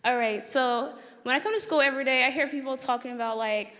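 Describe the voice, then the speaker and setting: A woman's voice: sits high, fast talker, few pauses, a bit bright. A young woman giving a casual, comic student talk on a school theater stage, acting out quoted dialogue. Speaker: student speaker. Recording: echoey auditorium.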